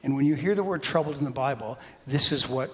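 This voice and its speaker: A man preaching a sermon, telling personal stories with animated, self-mocking humor and acted-out voices. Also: mid-range voice, fast. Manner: animated storytelling, acting out voices, laughing at himself. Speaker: pastor. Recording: long hall reverb.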